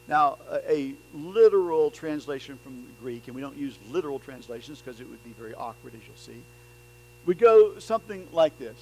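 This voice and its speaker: A man preaching a sermon, dropping to soft low passages and then rising into loud, emphatic declarations. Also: moderate pace, poor audio. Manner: swings between soft, low stretches and loud, emphatic bursts.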